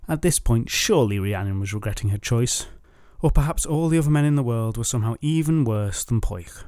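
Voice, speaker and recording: A man's voice: mid-range voice, animated, a little fast, hardly any pauses, warm tone, no room sound. A male storyteller narrates an old legend in a wry, sardonic tone, with an ordinary mid-range voice. He slips dry asides into the telling. The recording is close and dry. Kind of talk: comic myth retelling.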